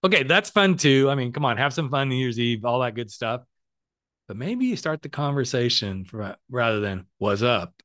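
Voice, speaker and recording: Animated, swearing middle-aged male podcast coach. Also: mid-range voice, normal speed, no echo, studio quality. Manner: animated, emphatic, swears freely. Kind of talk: casual motivational monologue.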